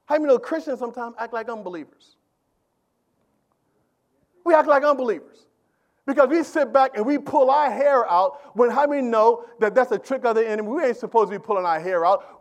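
High-voiced preacher calling out to a congregation. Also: male voice, highs cut off. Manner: call-and-response preaching, loud and quiet by turns; colloquial, repeats words. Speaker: pastor. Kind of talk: sermon.

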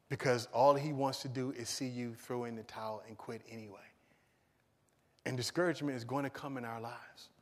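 A man preaching a sermon as pastor, with emphatic rises and low, quiet asides. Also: long reverb tail.

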